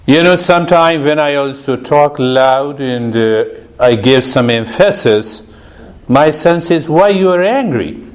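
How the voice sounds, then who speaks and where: Slow-talking man teaching meditation. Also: medium pitch. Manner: slow, laughing often, friendly teasing. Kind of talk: casual group session talk.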